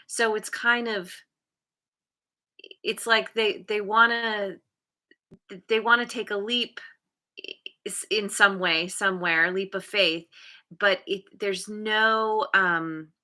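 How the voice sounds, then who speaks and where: Female tarot reader, slow and halting delivery, bright tone. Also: medium pitch, steady tone. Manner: hesitant, searching, many restarts. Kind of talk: intuitive tarot reading.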